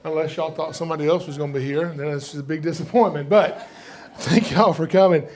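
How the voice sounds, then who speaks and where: A middle-aged reptile rescuer from Georgia, USA, with a high, light voice and a drawl that carries through every story, gives a library reptile program to a live crowd. He's a joking, folksy, animated storyteller who speaks briskly and keeps the room engaged.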